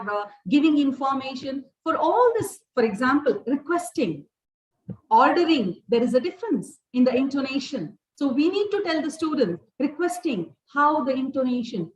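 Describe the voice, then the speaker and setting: Woman, workshop lecturer; high voice, set back from the mic in a reverberant room. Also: distant mic. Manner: repeats and restarts phrases, list-like delivery. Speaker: workshop resource person. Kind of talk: lecture to teachers.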